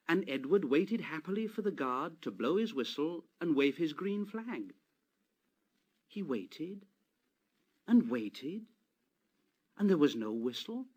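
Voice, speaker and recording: A man reading a children's railway story aloud as narrator, expressive and gentle. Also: a little high, dull audio. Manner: expressive, slow read-aloud.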